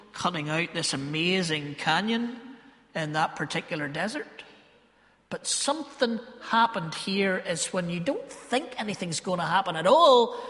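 Northern Irish preacher in an echoing church. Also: male voice, high voice, a bit bright. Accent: Northern Irish, Ballymena. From Northern Ireland. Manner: storytelling, emphatic, drawn-out phrases. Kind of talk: sermon.

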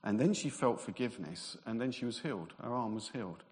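A man's voice: medium pitch, lively intonation, brisk, darkish tone. Preaching man in a reverberant hall. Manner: conversational storytelling, acts out quoted voices. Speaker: minister. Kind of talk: sermon with personal stories. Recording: long reverb of a large hall.

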